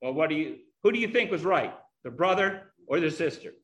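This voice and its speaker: A man's voice: on the high side, animated, fairly quick, fairly bright tone. A man preaching a sermon earnestly, teaching with illustrations.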